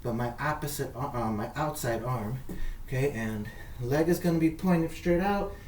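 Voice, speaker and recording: A man's voice: mid-range voice, normal speed, a little mellow, slight background noise. A man leading a kids' yoga workout, giving encouraging, repetitive coaching cues. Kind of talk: guided workout instruction. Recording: echoey room, mic far off.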